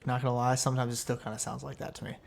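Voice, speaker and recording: A man's voice: medium pitch, little pitch movement, very fast, creaky. A man adding dry, self-mocking commentary over his father's story. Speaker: comedian's son giving commentary.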